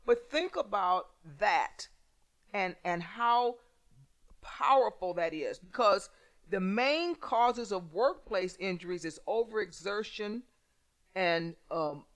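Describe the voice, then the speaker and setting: Woman chatting, keeps restarting her sentences, mid pitch, just talking it through. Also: expressive. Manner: halting, many restarts. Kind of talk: conversational storytelling.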